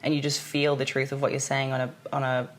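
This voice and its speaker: A woman's voice: rumbling low, little pitch movement, quick pace. A woman guest in casual podcast chat, talking earnestly about spiritual ideas and swearing casually.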